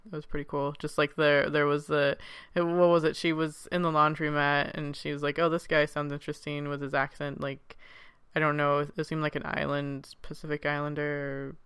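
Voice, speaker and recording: A man's voice: fairly high pitch, level tone, normal speed, a bit bright, smooth, dry recording, clean studio sound. A man chatting casually about a film, giggly and full of fillers. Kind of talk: casual chat.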